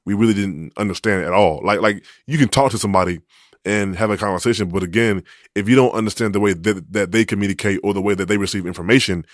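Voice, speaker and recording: A man co-hosting a couples podcast, talking in a relaxed, loose way, full of restarts and casual slang. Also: on the low side, fast talker, dry recording, clean studio sound. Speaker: podcast co-host. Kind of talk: casual chat.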